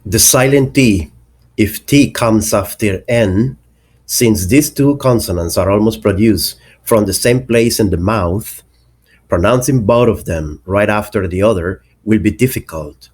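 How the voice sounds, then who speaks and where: A man with a low voice walks through an English pronunciation lesson at a very unhurried pace. He says each example word carefully and deliberately, like a teacher showing how it should sound. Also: darkish tone.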